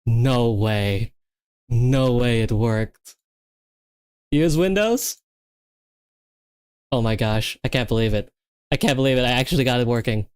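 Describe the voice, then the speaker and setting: A young woman streaming herself coding, talking excitedly and repeating herself as things work or fail. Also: a bass voice, a little slow, pauses often, smooth, no room sound. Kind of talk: livestreamed coding session chat.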